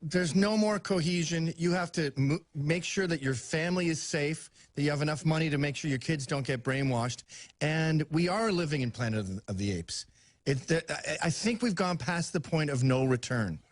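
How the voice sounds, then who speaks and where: A man on a talk show answering calmly and with dry remarks. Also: fairly high pitch, normal speed, no echo. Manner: calm, reasoning, dry remarks. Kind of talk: casual talk-show chat.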